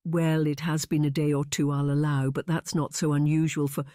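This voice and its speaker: A narrator voicing a gentle, hesitant older vicar in a period audiobook. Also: medium pitch, flat delivery, normal speed, dry recording, studio quality, close to an everyday voice. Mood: dismayed. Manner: hesitant, mild, mournful. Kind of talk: audiobook character voice.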